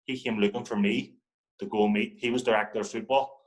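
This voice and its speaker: A man's voice: on the low side, fairly quick, rough recording. Northern Irish man telling football stories. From Northern Ireland. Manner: animated anecdotes, acting out quoted people. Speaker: podcast guest, former footballer. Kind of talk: casual storytelling.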